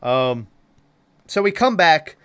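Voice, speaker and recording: Man, podcast co-host, casual movie recap, rambling, bright tone, clear voice. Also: a little high, very animated, takes it slowly. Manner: rambling, profane, laughs often.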